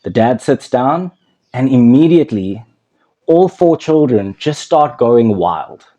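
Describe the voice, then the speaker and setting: A man's voice: mid-range voice, expressive, slow pace, dark tone, dull audio. A man who works as an anger management counsellor, talking straight to the viewer and asking them questions while he tells a story. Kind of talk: direct-to-camera teaching talk.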